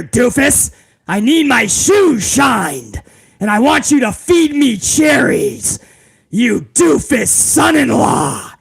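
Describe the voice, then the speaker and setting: Guy putting on a grumpy old boss barking insults, slow and shouty. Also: very high voice, vocal fry, husky, exaggerated voice. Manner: barking slow, contemptuous orders. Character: bossy, insulting old male wrestling chairman. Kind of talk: comedic impression.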